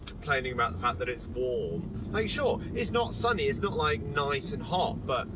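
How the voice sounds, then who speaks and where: A man's voice: medium pitch, very animated, normal speed, noisy background. A man filming a rambling, exasperated rant from inside a car. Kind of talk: ranting vlog to camera.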